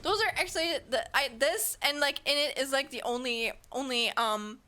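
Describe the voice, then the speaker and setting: This young woman from Germany speaks with a sharp, high voice at a moderate pace. Streaming from home, she talks casually to her viewers in a German accent, giggling and rambling through lots of fillers.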